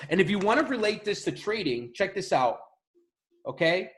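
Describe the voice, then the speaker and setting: A man's voice: sits high, animated, normal speed, a bit bright. A man giving a casual, emphatic motivational talk as a mentor, repeating his phrases for effect.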